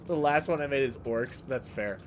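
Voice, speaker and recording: A man streams a video game, chatting and joking with viewers in a rambling way and reacting to chat. His voice is medium-pitched and moderately paced, with slight background noise.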